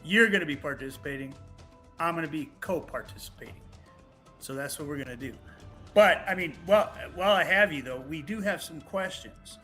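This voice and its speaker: A man's voice: on the high side, bright, forceful tone. A man co-hosting a casual chat, hesitant and prone to restarts. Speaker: co-host.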